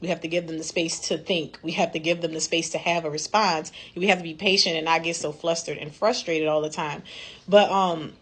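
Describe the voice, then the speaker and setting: A woman chatting casually to camera about a book, talking the topic through and slipping into quick acted-out voices when she quotes people. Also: low voice, fairly even intonation, fairly bright tone, husky. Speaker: book club member reviewing a book.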